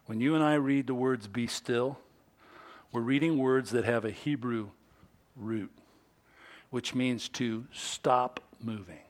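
A man preaching a sermon as pastor, swinging from hushed, quiet stretches to loud, excited ones. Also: medium pitch, a little slow. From United States.

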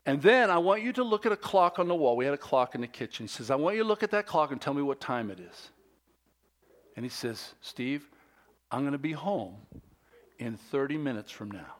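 A middle-aged man preaching a sermon at a middle pitch. He moves between raised, lively emphasis and soft, close, hushed storytelling. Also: a little fast. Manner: animated preaching that drops to a hushed, intimate storytelling voice. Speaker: pastor.

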